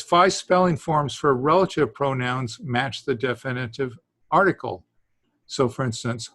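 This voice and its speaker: A man with a medium-pitched, slightly bright voice teaches Greek to a room of students, and the recording has no echo. His lesson meanders, with self-interruptions, restarted sentences, and the odd chuckle.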